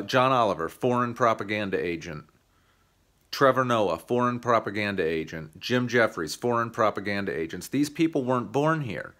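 Here a man from the United States delivers a sarcastic, combative rant for his comedy channel, swearing freely into the camera. The voice is mid-range with a slightly bright quality.

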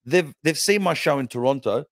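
An Australian man in his forties, a comedian chatting as a podcast guest and telling stories in an animated way, often restarting with "you know". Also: fairly high pitch, a little fast, no room sound, studio quality. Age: 40s. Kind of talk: casual podcast chat.

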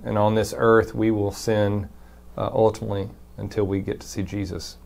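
A man's voice: fairly low pitch, level tone, normal speed, gravelly, darkish tone. A man, a pastor, giving a brief conversational devotion and reading Scripture aloud with emphasis. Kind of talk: short recorded devotion.

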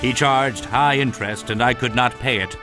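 A man voicing a sad, resigned older knight in an audiobook, speaking slowly and mournfully. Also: medium pitch, music in the background, lightly acted. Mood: sorrowful. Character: weary, downcast older male knight. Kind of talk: audiobook character voice.

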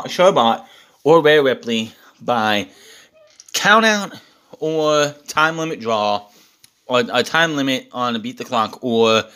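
A man's voice: medium pitch, fairly bright tone. A man recapping a wrestling show in a casual, exasperated rant, swearing often.

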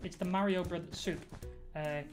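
A woman's voice: lowish voice, fairly even intonation, normal speed, a little mellow, soft background music. A young woman streaming a game live, rambling and giggling through her commentary with lots of fillers. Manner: rambling, giggly, self-mocking, many fillers. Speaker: Twitch streamer.

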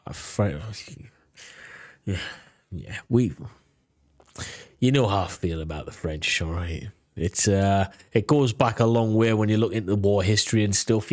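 A man's voice: on the low side, no echo, studio quality. A British man casually reacting to a video, talking in a rambling way with lots of restarts and fillers. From United Kingdom.

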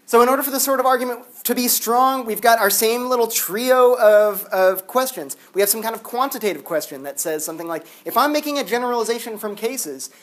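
Very high-voiced and fairly quick, a male philosophy lecturer barely pauses as he addresses a university class. He's chatty and animated, sprinkling in many "like" fillers.

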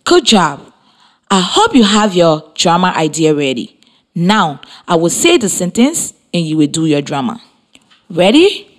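A woman teacher with a Liberian English accent gives a scripted radio lesson to children. Her voice sits a little low, but her pitch swings widely as she speaks. She takes her time, spelling words letter by letter. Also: very animated, unhurried.

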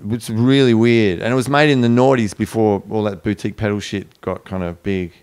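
A man's voice: on the low side, steady tone, brisk, a little mellow, clear, resonant tone. A laid-back man, a band guest, chatting casually and offhandedly in an interview. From Australia.

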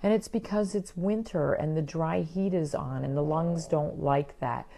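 A middle-aged woman veterinarian giving a chatty, animated talk about pets, full of quick asides. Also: sits low, vocal fry, a little hiss or hum. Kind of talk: casual educational talk.

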